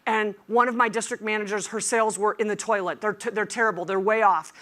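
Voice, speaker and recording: A woman voicing a flustered middle-aged male retail executive, speaking low and hushed. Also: fairly even intonation, fast talker. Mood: bewildered.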